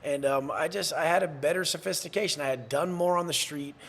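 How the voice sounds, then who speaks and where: A man's voice: fairly high pitch, fairly quick, creaky, fairly bright tone. A man from San Diego, a podcast guest, talking bluntly with heavy swearing and acting out the exchanges he quotes. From San Diego, USA. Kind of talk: podcast interview.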